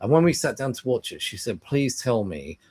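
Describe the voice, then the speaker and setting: A man co-hosting a casual film review podcast, telling lively stories, acting out both sides of conversations and swearing freely. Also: medium pitch, brisk, breathy edge. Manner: animated storyteller who acts out dialogue and swears. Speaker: podcast co-host.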